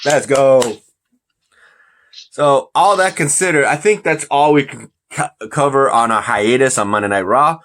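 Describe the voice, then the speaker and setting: A man's voice: medium pitch, measured pace, a bit bright. Male podcast host, casual, rambling, joking, stumbles over words. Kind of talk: casual chat.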